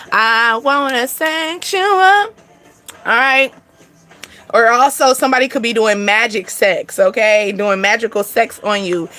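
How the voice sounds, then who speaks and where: Woman, casual astrology reader, bright high voice, laughs and swears easily. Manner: chatty, laughs often, sings and acts out snippets; swears casually, addresses viewers as y'all. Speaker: spiritual reader.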